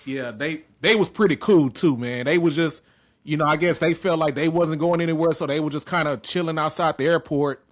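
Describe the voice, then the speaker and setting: A man's voice: a little high, a little fast. A man in his forties hosting a podcast and chatting casually in a laid-back, slangy way. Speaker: podcast host. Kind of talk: casual chat.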